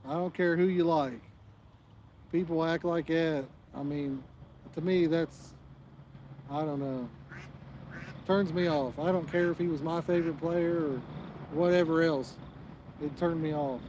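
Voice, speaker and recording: A man's voice: on the high side, fairly even intonation, a little slow, pauses often, background noise. A man hosting a live fishing stream outdoors, chatting and joking in a rambling, casual way. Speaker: fishing channel host.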